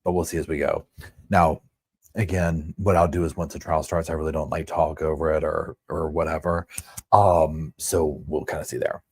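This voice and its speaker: A man hosting a casual livestream, chatting to viewers in a quiet, hushed voice at home on a wireless microphone. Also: very deep voice, flat delivery, moderate pace, husky, no echo. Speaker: livestream host. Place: at home with neighbors next door.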